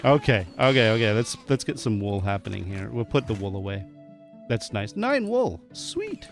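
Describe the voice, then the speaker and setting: A man's voice: lowish voice, sing-song, moderate pace, gravelly, soft background music. A man giving casual, chatty gameplay commentary, often laughing and talking to the animals in the game. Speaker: gameplay streamer. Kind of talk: casual let's-play commentary.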